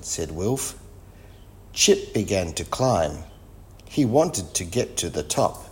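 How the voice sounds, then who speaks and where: A man reading a children's storybook aloud, slowly and clearly paced. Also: low-pitched, very animated, darkish tone. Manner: slow, sing-song, clearly paced. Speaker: storybook reader.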